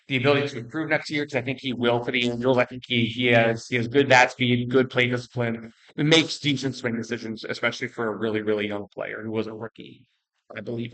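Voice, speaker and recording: A young man ranking baseball players in casual commentary, blunt and joking, rambling with restarts and quick apologies. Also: mid-range voice, flat delivery, fairly bright tone, poor audio. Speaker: baseball video creator.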